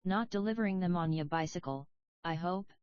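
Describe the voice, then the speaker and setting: A woman's voice: on the low side, brisk, clear, resonant tone, no room sound, lo-fi sound, lightly acted. A woman reading the part of a young woman who talks in a blunt, teasing way.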